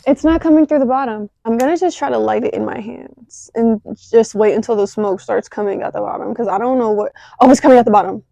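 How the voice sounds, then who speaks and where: A young woman chatting casually while crafting, talking excitably with lots of filler words into a phone camera at home. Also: on the high side, fairly quick, gravelly, hardly any pauses, no echo. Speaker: craft vlogger.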